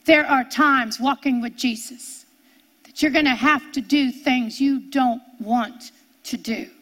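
A woman preaching a sermon, reading scripture slowly and drawing out her words. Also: high voice, fairly bright tone. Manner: slow, drawn-out scripture reading.

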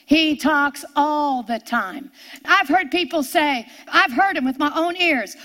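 A woman's voice: sits high, measured pace, sharp tone. A woman preaching a sermon, emphatic and repeating her points for force.

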